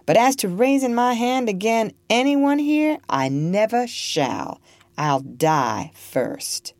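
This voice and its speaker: Woman voicing a gentle steadfast older man, quiet, respectful, dry close sound. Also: a little high, very animated, slow pace, dry recording, voice pushed up, exaggerated voice. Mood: resolute.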